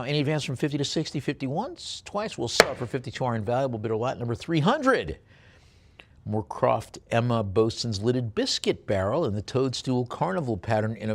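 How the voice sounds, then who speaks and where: At a live sale, a male auctioneer with a lowish voice calls out bids. He describes each lot with plenty of hesitant fillers and slips in joking asides between bids.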